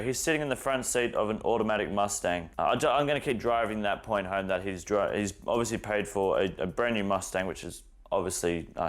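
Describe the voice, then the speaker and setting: A man giving a profane, exasperated reaction commentary, ranting at a video he is watching. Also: lowish voice.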